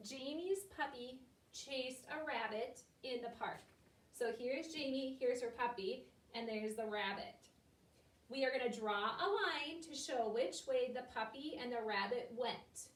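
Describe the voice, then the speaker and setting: A woman's voice: fairly high pitch, fairly bright tone, distant mic. Patient woman teacher in an echoey room. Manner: patient, step-by-step instructions to young children. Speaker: elementary school teacher. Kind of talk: recorded remote classroom lesson.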